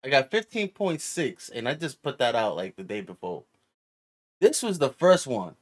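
A man streaming, chatting casually in an excitable, slangy way, and he swears now and then. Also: mid-range voice, moderate pace.

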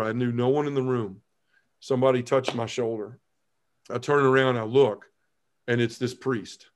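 A man, a podcast guest telling his personal conversion story in an earnest, halting way, often restarting his phrases and dropping his voice at heavy moments. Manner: earnest storytelling, halting restarts, drops low when emotional.

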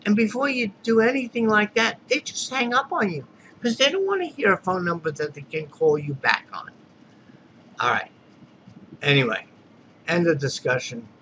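A man's voice: high-pitched, lively intonation, moderate pace, sharp tone. A man venting in an irritated, exasperated rant as a dissatisfied customer in a complaint video. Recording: dull lo-fi recording with faint noise.

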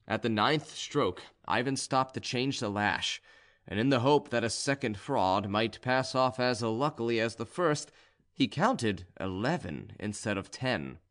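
In a mid-range voice, a man narrates a classic novel as an audiobook, delivering scripted narration. His storytelling is measured and even.

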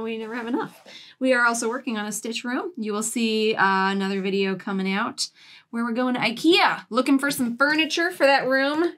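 A woman's voice: a little high, fairly bright tone. A woman vlogger chatting casually at home while showing off a shopping haul, giggling and cooing baby talk at her cats.

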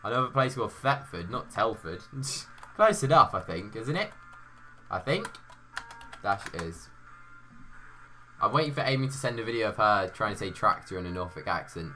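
A man's voice: lowish voice, lively intonation, measured pace, pauses often, pushed and bright, slight background noise. A young man chatting casually on a gaming live stream, reading viewer messages aloud and answering them.

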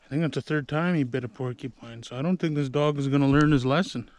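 A man outdoors talking casually and gently coaxing and soothing his dog. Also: medium pitch, fast talker. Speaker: vlogger. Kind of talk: casual talk while outdoors. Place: outdoors in the woods.

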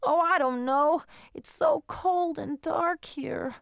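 A woman's voice: sits high, slow pace, vocal fry, no echo, studio quality, voice pushed up, full character voice. A woman voicing a small, frightened female toy calico cat in a children's story, whimpering and fretful. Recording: guitar music behind.

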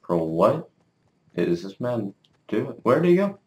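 A man giving live gameplay commentary as a gaming video creator, excitable, cursing mildly and trash-talking his opponents. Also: mid-range voice, unhurried. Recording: roomy echo.

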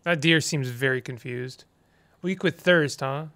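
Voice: medium pitch, unhurried, bright, forceful tone. A gaming streamer giving let's play commentary, playful and exasperated, with dramatic outbursts, silly made-up words and the odd muttered aside.

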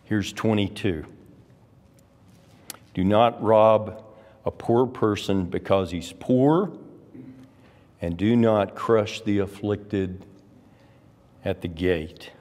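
A middle-aged man with a Texan accent, preaching a sermon in a church with slow, emphatic delivery. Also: on the low side, darkish tone. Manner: emphatic, slow deliberate preaching with rising exclamations. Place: church sanctuary. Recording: long hall reverb.

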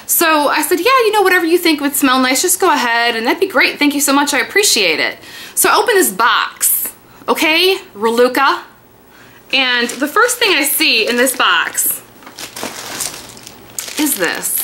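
A woman in her thirties chatting excitedly about a mail haul in a casual vlog. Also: high voice, normal speed, a little hiss or hum. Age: 30s. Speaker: beauty vlogger. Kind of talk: casual haul video chat.

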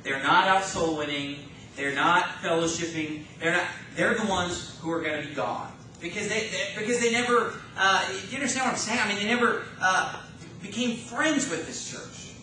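A man preaching a sermon with a high, sharp, bright voice that swells and drops in force. He is picked up from far off, with heavy echo filling the church room. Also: moderate pace, slight background noise. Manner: emphatic preaching, rising and falling in force. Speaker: pastor. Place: church sanctuary.

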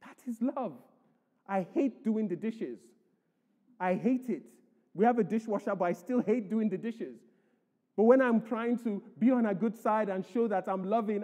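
High-voiced preacher in an echoey church. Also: male voice, moderate pace, mellow. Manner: emphatic preaching, reads scripture aloud. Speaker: pastor. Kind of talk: sermon. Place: church hall.

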